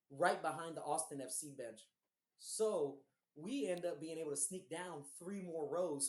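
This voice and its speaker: A man from Houston with a hoarse, recovering voice, co-hosting a podcast and telling rambling, profane stories in a casual chat. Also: a little high, echoey room. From Houston, Texas. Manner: profane, rambling, animated storyteller. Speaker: podcast co-host.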